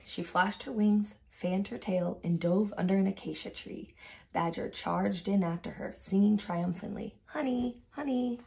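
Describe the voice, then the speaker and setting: A woman teacher reading a storybook aloud with lively sound words, then going through quiz questions for her students. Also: lowish voice, unhurried, creaky, slightly rough.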